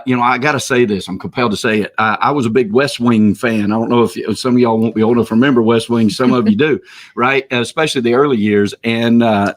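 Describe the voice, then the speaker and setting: A man co-hosting an online webinar, speaking casually and telling a lively story, acting out the characters. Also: medium pitch. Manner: animated storyteller, acts out voices. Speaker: co-host.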